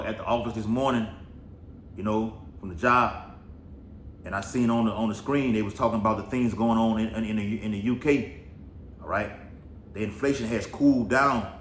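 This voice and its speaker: A man's voice: lowish voice, a bit bright. A man giving casual, rambling Bible prophecy commentary, full of swearing and repeated "all right"s. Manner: rambling, profane, keeps saying "all right". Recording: echoey room with faint noise.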